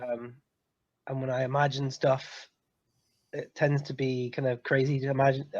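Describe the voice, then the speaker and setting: A man's voice: medium pitch, flat delivery, normal speed, highs cut off. A man from England chatting casually, rambling and often laughing. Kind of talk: casual chat.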